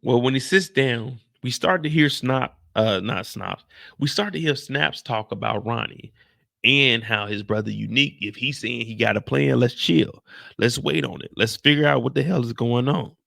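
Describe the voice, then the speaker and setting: A man hosting a casual recap of a TV episode, ranting in an animated, profane, slang-heavy way. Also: medium pitch, normal speed, gravelly, dry recording. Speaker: TV show recap host.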